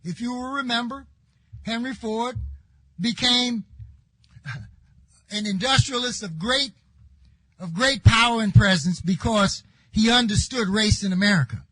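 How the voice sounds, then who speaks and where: Older guy giving a fired-up conference speech, highish voice, shouts the big points, dry close sound. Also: measured pace, long pauses, no room sound, low-quality recording. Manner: forceful, rising to shouts at key points. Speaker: conference speaker. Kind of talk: impassioned public speech.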